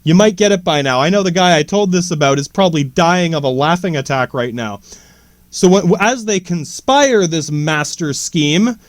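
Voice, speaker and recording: A man's voice: on the high side, expressive, normal speed, no room sound, studio quality. A man hosting a podcast, ranting sarcastically and rambling with heavy swearing. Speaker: podcast host. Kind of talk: casual profane rant.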